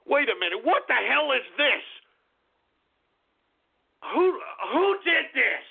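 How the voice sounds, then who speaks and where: In this comedic radio character rant, a man voices a grouchy elderly host, an irritable war veteran quick to anger, who launches into outraged, profane, screaming tirades in a very high, gravelly tone. His delivery is very animated, slow and exaggerated, and the audio sounds thin and tinny, like a phone line.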